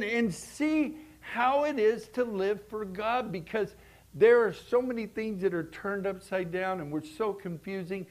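A man with a notably high voice preaches a sermon to his congregation. He is lively and animated, often restarting his sentences and dropping from loud bursts into quiet, hushed asides. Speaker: pastor.

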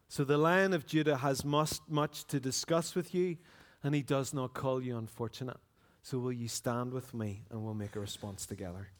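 A man with a Northern Irish accent, a pastor preaching and reading a story aloud in an earnest, expressive way. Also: medium pitch, moderate pace, few pauses. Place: church.

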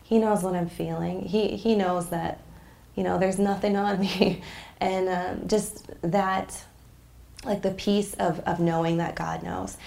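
A woman's voice: on the low side, steady tone, measured pace, vocal fry, darkish tone, echoey room. A woman guest on a faith podcast, talking in an earnest, reflective way and getting emotional as she shares. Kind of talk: casual faith conversation.

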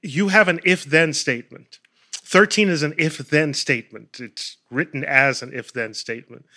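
Brief: male study-group member, fairly high and bright, insistent in debate. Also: moderate pace. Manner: careful reader, argues his point insistently. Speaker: Bible study participant. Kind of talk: scripture reading and discussion.

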